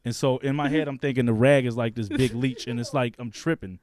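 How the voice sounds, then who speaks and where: A man's voice: mid-range voice, steady tone, brisk, a little mellow, slight background noise. A young man, hosting a podcast and telling a wild, profane story, acting out the voices of other people. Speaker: podcast host. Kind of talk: casual storytelling.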